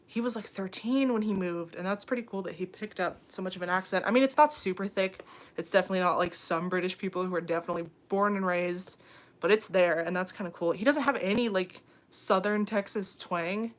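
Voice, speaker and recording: A woman's voice: on the low side, fairly quick. A young woman hosting a casual livestream, chatting with viewers, reading their comments aloud, with frequent ums and laughs. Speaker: livestream host.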